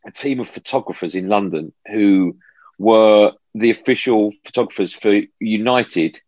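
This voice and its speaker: Deep-voiced man telling stories animatedly. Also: unhurried, no room sound, lo-fi sound. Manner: animated storyteller, frequent restarts. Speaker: football broadcaster, guest. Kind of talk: casual chat. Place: home room.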